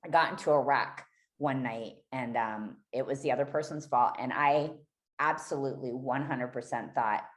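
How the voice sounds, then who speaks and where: A woman's voice: rumbling low, moderate pace. A woman guest on a podcast, candidly telling a raw, emotional personal story and swearing freely.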